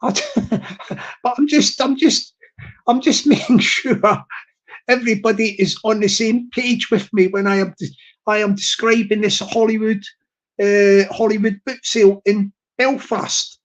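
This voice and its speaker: A man's voice: sits high, fairly even intonation, unhurried. A man chatting to his live stream audience in a rambling, teasing way, repeating himself and restarting.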